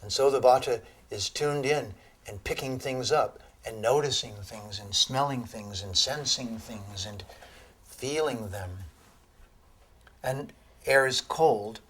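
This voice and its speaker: A man giving a lecture on Ayurveda to an audience, telling animated stories and laughing at his own jokes. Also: medium pitch, slow pace, breathy edge. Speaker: Ayurveda teacher.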